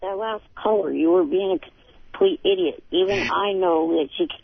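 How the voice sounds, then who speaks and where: A man's voice: sits high, moderate pace, gravelly. A man calling in to a radio show, cranky and combative. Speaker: caller. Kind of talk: phone call to a radio show. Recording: tinny phone line on air.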